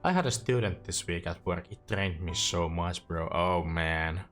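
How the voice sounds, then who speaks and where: A young man with a Finnish accent chatting through a game stream in a low, unhurried voice. He is talkative and pokes fun at himself. Soft game music hums in the background. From Finland. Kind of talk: casual gaming stream chat.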